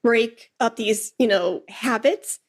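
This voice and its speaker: Lively woman podcast host, slightly high. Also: takes it slowly, slightly rough. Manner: lively storyteller who acts out quoted lines. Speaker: podcast host and flute teacher. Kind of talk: casual interview chat.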